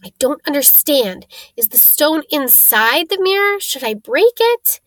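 A woman reading a cold, scheming male wizard teacher in an audiobook, calm and dismissive in manner. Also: sits high, a little slow, no room sound, pitched above the performer's own voice.

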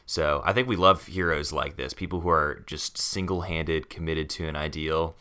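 A man with a very low but bright, forceful voice co-hosts a podcast. He is friendly and enthusiastic and pokes fun at himself. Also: steady tone, moderate pace, clear, resonant tone. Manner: friendly, self-deprecating, enthusiastic. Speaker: podcast co-host. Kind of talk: casual podcast discussion.

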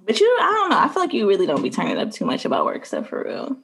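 A woman co-hosts a casual podcast chat, playful and quick to laugh. Her voice moves lively through its pitch range. The talk is loose and conversational. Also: vocal fry. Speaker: podcast co-host.

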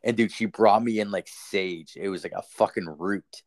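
A young man with a very deep voice tells a ghost story in casual chat. He rambles, swears freely and leans on fillers. The sound is dry and close. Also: moderate pace, dry recording. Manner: profane, rambling, filler-heavy. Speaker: storyteller guest.

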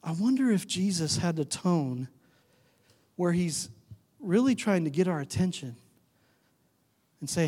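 Here a man preaches with big pitch swings, his dark, husky voice unhurried and broken by frequent pauses. As pastor he chats with the congregation, asks them questions, and plays out quoted voices with changing pitch, all in a reverberant hall.

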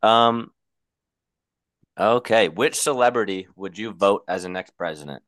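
Low-voiced young man, laughing casual chat. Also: unhurried, fairly bright tone, dry recording. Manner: laughs often, stumbling restarts. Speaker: podcast co-host.

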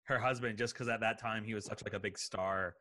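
A man's voice: on the low side, fairly even intonation, brisk, pushed and bright, dry recording. A man co-hosting a podcast, eagerly sharing behind-the-scenes film trivia in casual chat. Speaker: podcast co-host.

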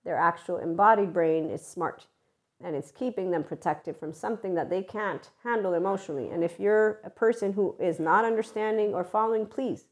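A woman with a slightly low voice talks straight to her listeners in an unscripted monologue. She is blunt and swears freely. She rambles through half-finished sentences and mocks the people she describes. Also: darkish tone. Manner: blunt, profane, rambling, with many restarts; mocking, acting out voices of others. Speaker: channel host.

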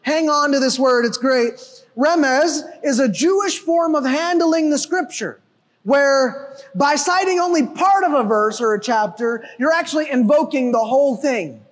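A man with a very high voice preaches a sermon, animated and emphatic, often shouting a point home. His voice rings out with a long reverb, as if recorded in a church hall. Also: a little slow. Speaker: pastor.

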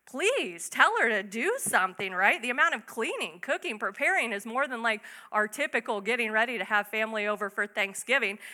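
A young woman giving a casual, chatty Bible teaching, acting out quick asides. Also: on the high side, pushed and bright. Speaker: bible study speaker.

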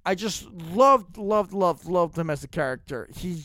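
A man's voice: high voice, animated, unhurried, fairly bright tone, no room sound, clean studio sound. A man co-hosting a podcast, casually rambling about anime characters with frequent restarts. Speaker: podcast co-host.

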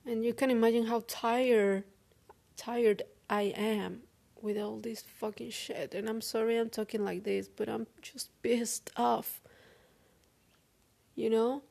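A woman speaking English as a second language in a personal confessional vlog. She sounds weary and frank, talks haltingly, and swears often. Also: on the high side, steady tone, gravelly, darkish tone. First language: not English. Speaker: vlogger.

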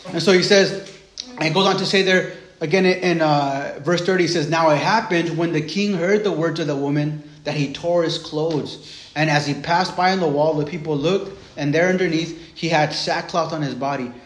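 A man's voice: fairly high pitch, fairly even intonation, normal speed, echoey room. A man preaching a conversational sermon, retelling scripture in a loose, chatty way, often checking in with "right?" and restarting his sentences.

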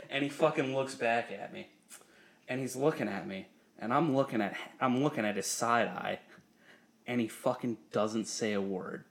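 Gravelly young man, profane podcast storyteller. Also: mid-range voice, normal speed. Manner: profane, laughing, animated storyteller. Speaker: podcast co-host. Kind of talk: casual storytelling chat.

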